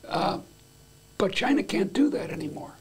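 A man's voice: sits high, animated, normal speed, a little mellow, husky, whispered. An older man as an interview guest, talking in a rambling, playful way with many restarts. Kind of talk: conversational interview.

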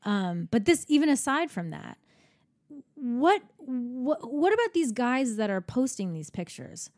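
A woman's voice: a little high, measured pace, no room sound, clean studio sound. A woman co-hosting a casual chat, talking frankly and acting out the people in her stories. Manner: animated, frank, acts out quoted voices in stories.

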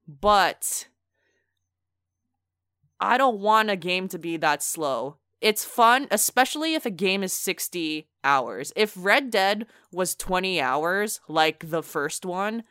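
A woman co-hosting a casual video game chat, talking quickly with lots of fillers and dry sarcasm. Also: lowish voice, lively intonation, fairly bright tone, clear, resonant tone, no echo. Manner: chatty, filler-heavy, sarcastic. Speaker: video game podcast co-host.

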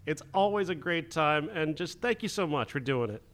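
A man with a high, very lively voice hosts a casual interview, chatty and quick to laugh along with his guest. His pitch swings widely as he talks. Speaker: interview host.

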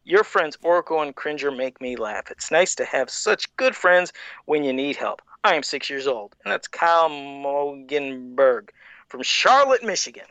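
High, animated man reading fan letters. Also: unhurried, no echo, muffled recording. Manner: animated, laughs often, jumps in pitch when joking. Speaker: podcast co-host. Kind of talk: casual chat reading fan letters aloud.

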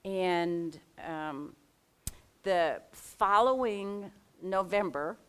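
A woman's voice: on the low side, very slow, fairly bright tone, clean tone. A middle-aged woman candidly telling a personal story in a conversational way, with fillers and restarts.

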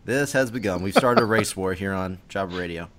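A man's voice: low voice, fairly quick, a crowd in the background. A young man hosting a casual podcast, laid-back, with lots of fillers and laughs. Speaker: podcast host.

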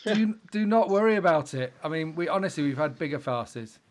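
Slightly high-voiced male co-host. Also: animated, a little fast. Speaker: podcast co-host. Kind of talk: casual chat.

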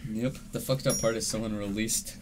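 A man's voice: on the low side, steady tone, moderate pace. Laid-back young man, casual chat. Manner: laid-back, swears freely, laughs often. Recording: faint background noise.

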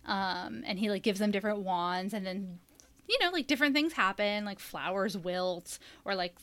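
A woman's voice: medium pitch, moderate pace, fairly bright tone, dry recording. Chatty woman, dry close sound. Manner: rambling, many fillers. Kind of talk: casual chat.

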